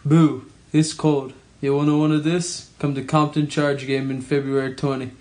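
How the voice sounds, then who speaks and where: A man's voice: a little high, little pitch movement, a little mellow, lightly acted. A man voicing a Russian pro basketball player in a local ad, with a put-on Russian accent and broken English. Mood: hammy. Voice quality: broken English, slow and heavy. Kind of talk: mock commercial impression.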